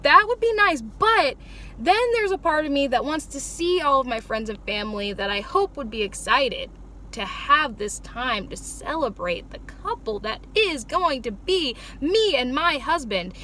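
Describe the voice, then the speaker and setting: A young woman with a high, bright voice chats on and on to her viewers. She rambles from thought to thought, joking and teasing herself in a loose, playful monologue. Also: expressive, unhurried, a little hiss or hum. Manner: chatty, joking, self-mocking. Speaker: vlogger.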